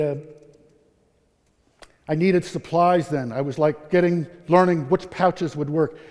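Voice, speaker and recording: A man's voice: on the high side, darkish tone. A middle-aged man speaking candidly at a conference, telling a personal story with self-deprecating humor. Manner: candid, self-deprecating, quotes people in their voices. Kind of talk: personal story told on stage. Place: conference hall. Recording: long hall reverb.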